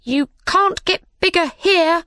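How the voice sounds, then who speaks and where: A woman voicing a small mouse in a much higher, squeaky voice. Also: takes it slowly, pushed and bright, dry recording, studio quality, heavily acted. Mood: prim.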